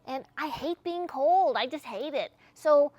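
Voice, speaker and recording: A woman's voice: high-pitched, lively intonation, measured pace, warm tone, no echo. A woman in her sixties talking to camera about her workouts in a chatty, candid, self-deprecating way. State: out of breath after swimming. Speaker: fitness vlogger. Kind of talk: casual talk to camera.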